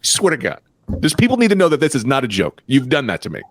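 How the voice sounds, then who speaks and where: A man telling stories on a podcast, swearing freely and ranting. His pitch leaps high and drops low as he gets worked up. The sound is dry and close, with no room echo. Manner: animated, profane, quick rants with pitch jumps. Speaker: comedian podcast co-host. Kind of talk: casual storytelling chat.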